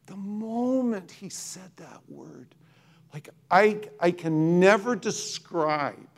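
A man giving an emotional personal testimony, halting and full of restarts as he recalls the moment. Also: high voice, lively intonation, vocal fry. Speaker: speaker sharing a testimony.

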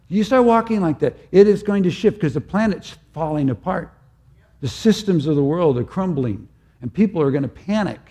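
An older man preaching a sermon in an earnest, halting way, often restarting his phrases. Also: a little high, animated, warm tone, breathy edge.

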